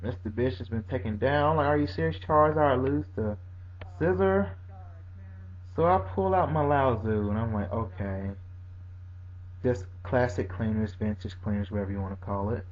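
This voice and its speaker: A man talks through a video game match in a loose, chatty way, breaking into startled exclamations as it plays out. His voice sits in an ordinary middle pitch. The recording is dull and lo-fi, with a faint hum underneath. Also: brisk, hardly any pauses. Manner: animated, reacts with exclamations. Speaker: gaming commentator. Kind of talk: casual battle commentary.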